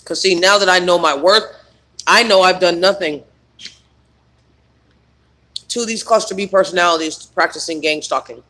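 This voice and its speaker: Guy with a pretty high voice doing a rambly spiritual healing talk, lots of you know, really emphatic, bright tone. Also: moderate pace, pauses often. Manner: rambling and emphatic, many fillers. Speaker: trauma healing coach. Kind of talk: spiritual self-help monologue.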